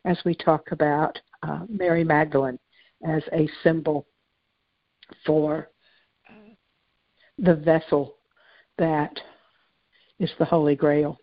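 A woman's voice: low-pitched, flat delivery, slow pace, long pauses, no echo, dull audio. A woman hosting a spiritual talk show, talking conversationally with many fillers and restarts. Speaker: host.

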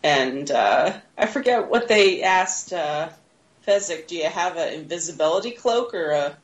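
A woman with a somewhat low voice co-hosts a casual podcast chat. She retells a film's plot scene by scene, often laughing and acting out quoted lines. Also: expressive, unhurried, rough recording. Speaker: podcast co-host. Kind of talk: casual movie recap chat.

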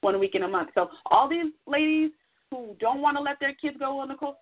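A woman's voice: high voice, expressive, a little fast. A woman co-hosting a casual advice talk show, speaking emphatically, repeating herself for stress and acting out inner voices. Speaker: podcast co-host. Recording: tinny phone-like audio.

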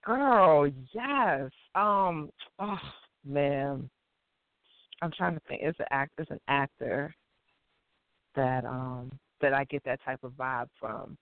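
A woman's voice: extremely low pitch, slow pace, dry recording. A woman hosting a call-in talk show, chatting playfully and giggling often with many fillers, heard over a phone line. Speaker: radio talk show host. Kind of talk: casual call-in show chat. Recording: dry tinny phone line.

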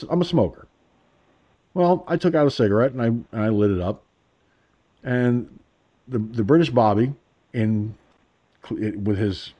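A man's voice: medium pitch, mellow. An American man hosting an internet radio show, telling a story casually, swearing and rambling with many restarts. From United States.

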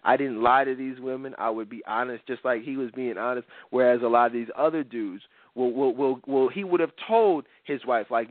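Brisk and barely pausing, a mid-range-voiced man in his thirties hosts a talk show, rattling off blunt opinions full of "you know" fillers as he rambles. The audio is dry and narrow like a phone line, without echo.

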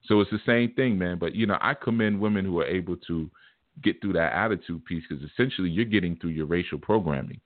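A man teaches in a casual, rambling way, leaning on "you know" as he talks. His voice sits low. The sound is thin and phone-like, and it is very dry. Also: fast talker, no room sound. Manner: loose, conversational, repeats "you know". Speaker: spiritual teacher. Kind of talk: casual spiritual talk.

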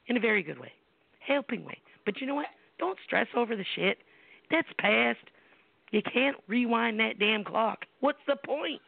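Gravelly-voiced woman on a tinny phone line. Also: fairly high pitch, animated, normal speed, dry recording. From United States. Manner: blunt, salty and emphatic, with rhetorical questions. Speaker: psychic medium host. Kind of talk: casual personal storytelling on a call-in show.

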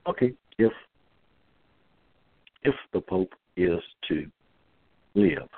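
Gravelly man preaching over tinny audio. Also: fairly low pitch, sing-song, extremely slow, no room sound. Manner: repetitive, emphatic, reads out verse references. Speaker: self-styled religious preacher. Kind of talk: scripture-quoting monologue. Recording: tinny phone-like dry audio.

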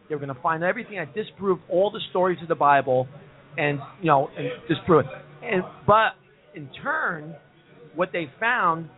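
A man hosting a casual talk show in a pub, talking earnestly and preachily and repeating himself. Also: a little high. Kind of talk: casual bar-room talk show chat. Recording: tinny lo-fi phone-like sound.

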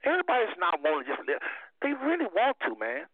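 Animated fifties man over a phone line. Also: fast talker, no room sound. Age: 50s. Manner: emphatic, preacherly, swings between low and high. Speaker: radio talk show host. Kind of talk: call-in radio talk. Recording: tinny dry phone line.

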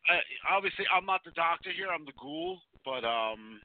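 A man's voice: on the high side, lively intonation, moderate pace, dry recording. A man on a podcast chatting casually about a horror film, rambling a little while he picks apart holes in the story. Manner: rambling, nitpicks the story's logic. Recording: tinny phone-like sound.

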